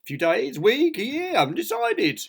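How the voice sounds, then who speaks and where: A man reading a picture book aloud and voicing a cheerful, bumbling grown-up man with a bright, bouncy voice. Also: extremely high pitch, huge pitch swings, moderate pace, vocal fry, breathy edge, voice pushed up, heavily acted. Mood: breezy.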